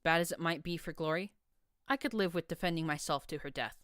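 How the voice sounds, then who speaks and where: A woman narrates a first-person story in an even, steady storytelling manner. Her voice is low and smooth, clear in tone. It is recorded on a close mic with a dry, dead sound. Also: a little fast, no room sound. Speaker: audiobook narrator. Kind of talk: audiobook narration of fan fiction.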